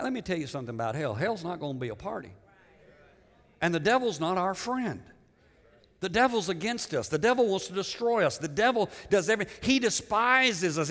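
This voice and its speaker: Middle-aged male pastor, slightly high voice, sermon, conversational, long hall reverb. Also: a bit bright. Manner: conversational, repeats words, asks the congregation questions. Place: church sanctuary.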